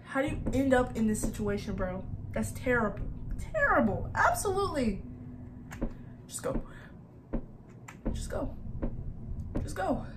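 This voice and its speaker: A woman with a fairly high voice gives jittery horror game commentary, talking to herself and the viewers. She speaks slowly and drawn out. Loud game noise runs behind her. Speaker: gaming creator.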